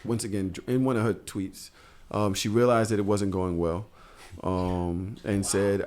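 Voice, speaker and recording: A man hosting a casual podcast, reading comments aloud in a halting way. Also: fairly low pitch, fairly even intonation, darkish tone. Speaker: podcast host.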